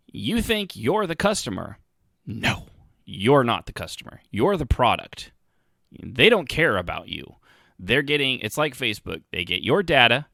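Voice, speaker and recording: A man's voice: mid-range voice, creaky, bright, forceful tone, dry recording, studio quality. A man hosting a podcast, rambling through casual commentary with sarcastic asides and frequent restarts. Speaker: podcast host.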